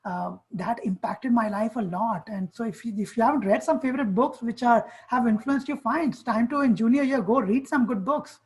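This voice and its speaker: Woman coach, kinda high voice, super direct, throwing questions and orders at students in an online workshop. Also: moderate pace, few pauses, a little mellow, rough recording. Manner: direct, fires off questions and commands. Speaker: college essay coach.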